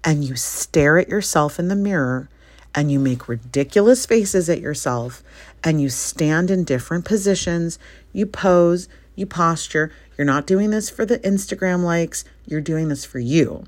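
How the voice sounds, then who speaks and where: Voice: medium pitch, lively intonation, measured pace, dry recording. Candid podcast host, dry close sound. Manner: candid and conversational, with casual swearing and encouraging direct advice. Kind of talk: motivational podcast monologue.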